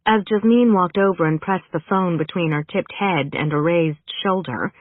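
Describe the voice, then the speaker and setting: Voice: mid-range voice, moderate pace. An audiobook narrator reads scripted prose with wry, dry humor. The recording is thin and phone-like, with dry, close sound and no room echo. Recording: narrow phone-like band, dry.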